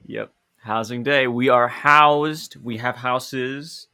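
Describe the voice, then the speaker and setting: A man's voice: medium pitch, steady tone, takes it slowly, pushed and bright, no echo, clean studio sound. A young man from Chicago and Indiana hosting a podcast, chatting playfully with fillers and self-mocking jokes. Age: young adult. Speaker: podcast host. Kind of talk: casual chat.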